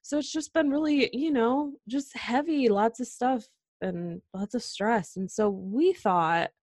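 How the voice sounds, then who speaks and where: A woman in a casual chat, speaking in a halting way with frequent fillers. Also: on the high side, a little mellow, no room sound, studio quality. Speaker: podcast co-host.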